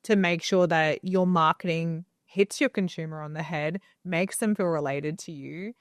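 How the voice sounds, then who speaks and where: A woman's voice: on the low side, steady tone, moderate pace, dry recording. A young woman co-hosting a casual podcast from a home studio, chatty and opinionated as she gives advice. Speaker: podcast co-host.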